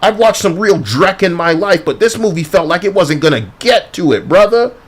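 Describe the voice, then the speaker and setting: A man's voice: high-pitched, lively intonation, normal speed. A man giving a heated, profane, sarcastic movie review as a ranting vlogger.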